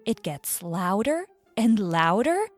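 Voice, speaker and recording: A woman reads a children's story for learners, slow and clear, with deliberate pacing. Her high voice moves up and down expressively. The recording is dry and close, with soft music underneath. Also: sing-song.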